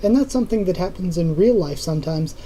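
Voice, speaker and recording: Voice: medium pitch, lively intonation, fast talker, dark tone, slight background noise, low-quality recording. A young adult YouTube host chatting casually through viewer comments, rambling with many ums and self-corrections. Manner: rambling, full of ums and restarts.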